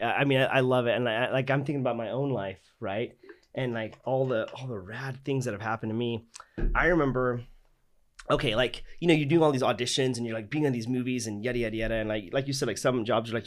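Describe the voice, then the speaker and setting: A man's voice: medium pitch, fast. A podcast host, a man, telling stories casually and animatedly, acting out quoted dialogue and filling his speech with "like". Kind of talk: casual storytelling.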